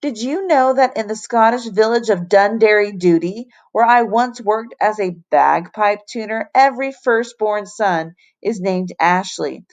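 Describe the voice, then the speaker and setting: A woman reads aloud as a strict but kindly male fourth-grade teacher who lectures his class in a firm, measured voice. His tone is even and schoolmasterly, and the scene comes from a children's storybook read aloud. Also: mid-range voice, close to an everyday voice. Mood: stern.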